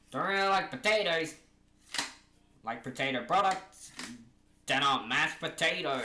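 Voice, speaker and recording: A vlogger from Oceania chats casually to camera, pitching a fan creature idea in a rambling, jokey way and correcting himself as he goes. His mid-range voice sounds pushed and bright, captured on a camera mic in an echoey room with faint hiss.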